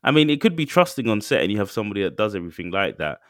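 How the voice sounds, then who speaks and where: A man with a low voice that swings widely as he gets worked up, chatting casually on a podcast. He acts out what other people say, and the sound is dry and close. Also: racing, no room sound. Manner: animated, excitable, acts out quotes. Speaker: podcast co-host. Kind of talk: casual chat.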